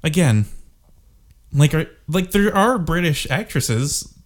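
Guy venting about a movie in a relaxed chat, sarcastic and exasperated. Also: on the high side, slow. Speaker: co-host discussing a movie. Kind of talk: casual chat.

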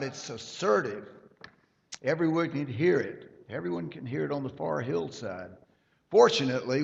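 A man preaching a sermon, emphatic and rising in volume at key points. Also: lowish voice. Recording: lo-fi hall recording with long reverb.

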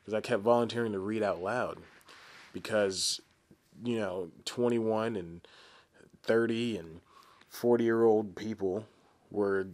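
A man's voice: on the low side, fairly even intonation, slow, long pauses, darkish tone. A man in his twenties hosting a solo podcast, rambling and self-deprecating with frequent laughs and asides. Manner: chatty, frequent restarts and asides. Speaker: podcast host.

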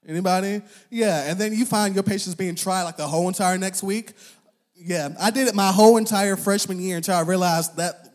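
A man's voice: high voice, brisk. A young man preaching a casual sermon in a conversational manner, with slang and filler words, acting out voices in the passages he quotes. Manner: animated, acts out quoted voices.

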